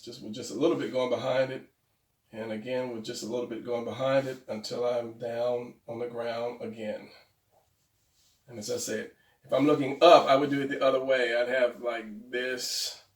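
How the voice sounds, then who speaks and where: A man with a gravelly, creaky voice explains drawing step by step, thinking aloud and fixing his own slips as he goes. He sounds a little far from the mic, in a roomy space that echoes. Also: medium pitch. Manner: rambling, self-correcting, talks to himself while drawing. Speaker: drawing tutorial host. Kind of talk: casual drawing instruction.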